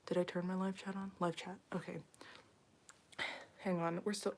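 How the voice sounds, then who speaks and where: A woman's voice: fairly low pitch, level tone, moderate pace, pauses often, darkish tone. A young woman chatting casually on a home live stream, frazzled and full of fillers, talking to viewers as she reads the chat. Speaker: livestreamer.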